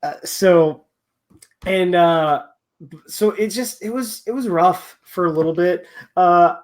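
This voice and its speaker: A man's voice: high voice, slow, darkish tone. A man hosting a casual sports podcast chat, rambling and often trailing off mid-thought. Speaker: podcast host.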